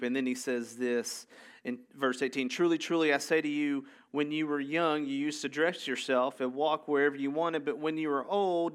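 A man preaching a sermon in a conversational way, reading scripture aloud and adding casual asides. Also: on the high side. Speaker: pastor.

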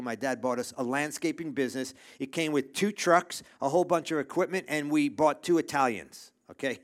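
A middle-aged man preaching a sermon to a congregation. He talks emphatically, repeats his phrases and keeps checking in with "okay?". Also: a little high. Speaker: pastor. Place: church room with a congregation.

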